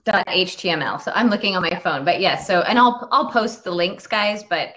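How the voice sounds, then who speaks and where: A woman hosting a casual video interview, talking in a chatty, halting way with many fillers, restarts and frequent laughs. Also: fairly low pitch, expressive, fairly bright tone. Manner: laughs often while talking. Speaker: interview host.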